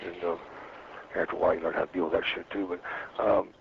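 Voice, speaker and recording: A former wrestler, appearing as an interview guest, rattles off rambling, profane anecdotes and slips into quoted voices. His low-pitched voice is flat and fast, with vocal fry. The casual recording sounds a little muffled, with faint background noise.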